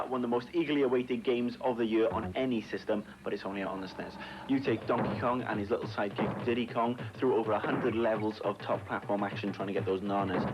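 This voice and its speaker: Brisk man reviewing a game, low voice. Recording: noisy 1990s TV archive.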